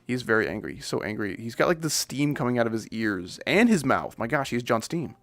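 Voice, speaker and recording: Gravelly-voiced man rambling through gaming commentary. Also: mid-range voice, very animated, a little fast, fairly bright tone, dry recording. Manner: rambling, jokey, self-deprecating. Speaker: streamer.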